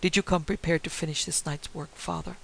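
A man's voice: a little high, steady tone, a little fast, vocal fry, poor audio. A man voicing a stern, dispassionate older male professor who hunts vampires, in a story reading. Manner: cold, dispassionate. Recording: faint hiss.

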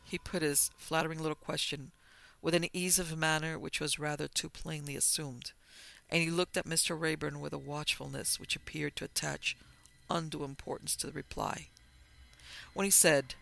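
A man narrating a classic novel as an audiobook in an even, formal storytelling manner. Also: on the high side, normal speed, vocal fry.

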